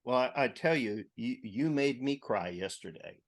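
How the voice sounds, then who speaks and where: A man hosting a podcast, talking in a halting, emotional way and clearing his throat. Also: medium pitch, lively intonation. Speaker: podcast host. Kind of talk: casual podcast chat.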